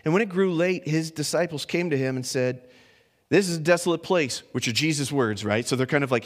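A man's voice: a little high, fairly quick. A man preaching a conversational sermon that works through a passage verse by verse. He talks informally, doubles up on words as he thinks, and puts questions to his listeners.

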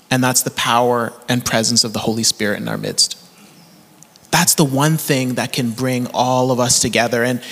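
A man's voice: medium pitch, a bit bright, in a large hall. A man in his thirties with a Canadian accent, preaching a sermon in an earnest storytelling way, laughing often. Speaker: pastor.

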